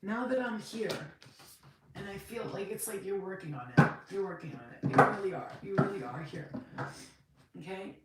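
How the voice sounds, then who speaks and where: A woman's voice: mid-range voice, moderate pace. A woman giving a casual spiritual reading, emotional and emphatic, swearing freely as she talks. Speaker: tarot card reader. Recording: very echoey room, mic far off, noisy.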